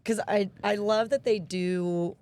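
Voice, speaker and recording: A woman's voice: medium pitch, steady tone, slow, darkish tone. A young woman co-hosting a podcast in casual chat, talking loosely and trailing off mid-sentence. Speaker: podcast co-host.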